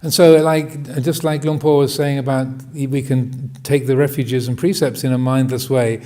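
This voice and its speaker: A man giving a Buddhist dharma talk, hesitant and full of restarts, often laughing gently. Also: medium pitch, little pitch movement, moderate pace. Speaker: Buddhist monk teaching.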